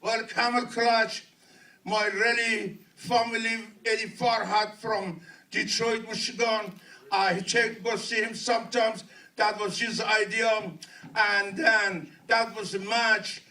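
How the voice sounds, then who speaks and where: An older man from Iran with an Iranian accent, answering audience questions at a premiere Q&A in halting, broken English. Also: sits high, fairly even intonation, pushed and bright. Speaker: guest of honor at a film premiere Q&A. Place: theater at a film premiere. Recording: distant mic in a venue.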